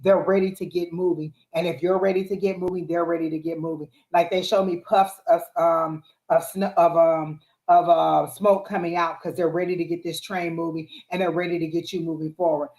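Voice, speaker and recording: A woman's voice: on the low side, little pitch movement, a little fast, hardly any pauses, darkish tone. A woman giving live psychic tarot readings, talking in an encouraging, repetitive way with frequent fillers. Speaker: psychic reader. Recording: roomy echo.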